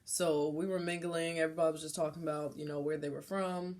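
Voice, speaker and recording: Animated young woman telling a story. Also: low-pitched, fast talker. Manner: animated, slangy, laughing. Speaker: vlogger. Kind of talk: casual storytelling.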